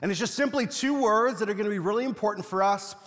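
Young guy preaching, pretty high voice, jokey chatty storyteller, big echoey hall. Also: fast, fairly bright tone. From Latino family. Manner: conversational, humorous storytelling preacher. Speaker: pastor. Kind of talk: sermon.

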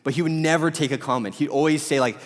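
A man's voice: a little high, fast talker. A male pastor giving a sermon in a conversational style, weaving in personal stories from his own life. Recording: long hall reverb.

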